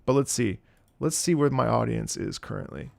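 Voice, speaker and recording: A man's voice: mid-range voice, animated, normal speed, creaky, no echo, studio quality. A young man streaming, chatting casually in a rambling way, laughing and swearing freely. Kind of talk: casual live-stream chat.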